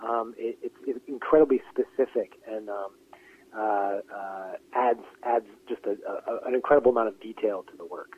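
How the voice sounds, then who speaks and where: Guest playwright, male, halting and filler-heavy, on a narrow phone line. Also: lowish voice, breathy edge. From Western Pennsylvania. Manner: hesitant, many fillers and restarts. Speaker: playwright and actor, interview guest. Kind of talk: casual interview talk. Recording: tinny phone-line audio.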